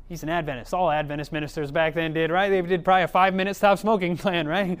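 Smooth-voiced male preacher. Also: high-pitched, quick pace, few pauses. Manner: conversational, checks in with the audience often. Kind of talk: sermon.

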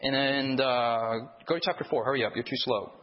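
A man's voice: mid-range voice, brisk. A man preaching a sermon, telling a story and quizzing the congregation with call-and-response questions. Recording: dull sound in a reverberant hall.

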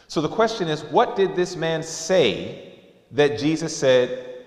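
Man, preacher, sermon, acts out voices in stories, fairly high voice, roomy echo. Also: a little slow. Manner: lively storytelling with acted-out voices. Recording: echoey hall.

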